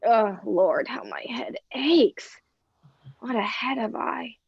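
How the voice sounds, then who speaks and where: A woman's voice: fairly high pitch, measured pace, gravelly, breathy edge, no room sound, dull audio, exaggerated voice. A woman reading the part of a weary, teasing old nurse in a table read of a play, complaining with groans and whispered asides.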